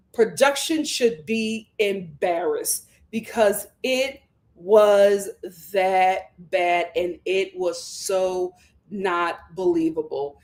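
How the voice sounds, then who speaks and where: A woman, giving an animated, gossipy live review of reality TV. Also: mid-range voice. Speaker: show reviewer.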